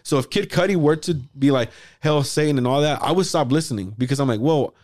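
A man hosting a casual podcast chat, talking in an animated way, swearing freely and acting out his own past thoughts. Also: on the high side, quick pace, no echo, studio quality. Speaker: podcast host.

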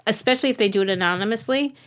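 A woman's voice: medium pitch, very fast. A middle-aged woman co-hosts a casual podcast in a mid-range voice. She is playful and teasing, with blunt jokes tossed in. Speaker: podcast co-host, mother-in-law.

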